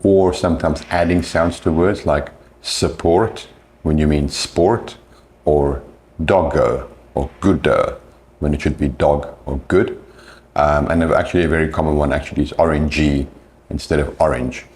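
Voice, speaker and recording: A man, an English teacher, explaining pronunciation patiently and slowing down to demonstrate sounds. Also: very deep voice, fairly even intonation, darkish tone.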